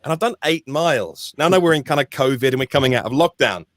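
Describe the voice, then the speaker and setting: A man, co-hosting a podcast in casual chat, talking in an animated, emphatic way with frequent restarts. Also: mid-range voice, fast talker, no room sound, clean studio sound. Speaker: podcast co-host.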